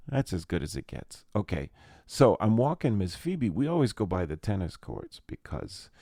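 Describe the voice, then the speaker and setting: A man's voice: low-pitched, big pitch swings, a little slow, creaky, dark tone, dry recording, clean studio sound. A man hosting a podcast, rambling through a casual comic monologue full of jokey, self-mocking asides. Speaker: podcast host.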